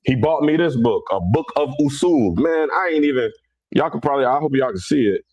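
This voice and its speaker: A middle-aged man from Cincinnati, hosting a casual livestream. His talk is blunt, animated and rough around the edges. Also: mid-range voice, a little fast, no room sound, lo-fi sound. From Cincinnati, USA. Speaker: livestream host.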